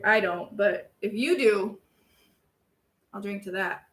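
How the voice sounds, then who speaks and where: A young woman talking casually to her live audience in a medium-pitched voice. She is self-deprecating and laughs a lot, jumping from loud, excited outbursts to soft, half-whispered mumbles. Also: slow. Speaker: streamer reading viewer chat. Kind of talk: casual chat.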